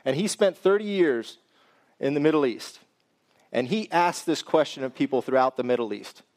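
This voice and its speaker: A man's voice: a little high, expressive, moderate pace, a little mellow. A man preaching a sermon, reading scripture and then explaining it in a conversational way that speaks directly to the congregation.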